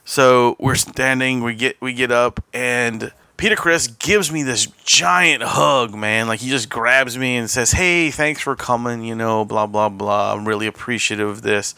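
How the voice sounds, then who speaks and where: A podcast host tells a long, casual story full of restarts, laughs, and quoted asides. His mid-range voice moves at a measured pace with hardly any pauses, sounding bright, forceful, and clean, with no room sound.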